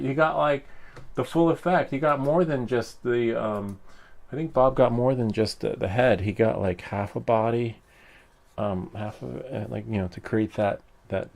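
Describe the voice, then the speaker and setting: A man with a creaky, darkish, mid-range voice hosts a live stream about his 3D printing hobby. He rambles and teases his viewers casually, leaning on fillers and frequent chuckles.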